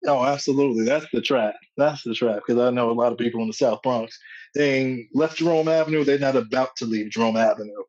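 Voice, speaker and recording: His voice is medium in pitch and quick, the audio dull. A comedian on a podcast, he tells stories in easygoing chat, bringing quotes to life with street slang.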